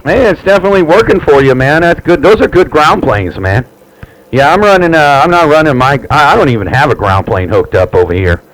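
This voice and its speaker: A man chatting on a CB radio from his home station, relaxed and repetitive, with many fillers. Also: a little high, brisk, slight background noise, poor audio. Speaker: CB radio operator. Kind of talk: live radio chat. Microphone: radio transceiver mic.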